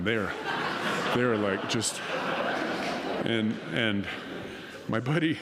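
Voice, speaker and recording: Deep-voiced man telling his testimony. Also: takes it slowly, pauses often, very noisy. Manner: animated storyteller acting out dialogue. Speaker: conference speaker. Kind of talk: personal testimony. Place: conference hall. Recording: long hall reverb.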